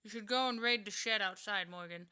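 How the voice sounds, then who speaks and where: A woman reading out the lines of a frail old man, a grave family friend, in a plain, unhurried way. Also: medium pitch, smooth, close to an everyday voice. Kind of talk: reading game dialogue aloud. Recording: loud background noise, typing clicks.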